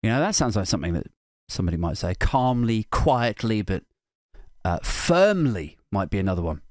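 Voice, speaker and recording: A man's voice: lowish voice, very animated, moderate pace, dry recording, clean studio sound. A man hosting a comedy podcast, ranting satirically in a mocking tone, swearing, often breaking into laughter. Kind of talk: satirical rant.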